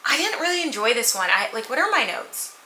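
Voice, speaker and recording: Candid woman chatting about books, super bright voice, roomy echo. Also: on the high side, a little fast. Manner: candid, animated, acts out characters' lines. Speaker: book vlogger. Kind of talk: casual chatty book review. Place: at home with a purring cat nearby.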